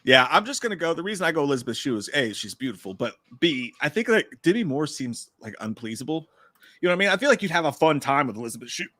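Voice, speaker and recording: A man's voice: on the high side, sing-song, fast, pushed and bright, dry recording. A man co-hosting a casual live movie stream, laid-back and laughing often as he reads viewer messages. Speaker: podcast co-host.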